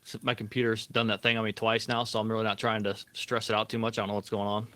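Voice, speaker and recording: A man's voice: on the low side, monotone, fast talker, fairly bright tone. A man co-hosting a veteran livestream, talking casually with restarts and wry asides. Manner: conversational, repeats words while thinking, wry asides. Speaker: co-host of a veteran livestream show.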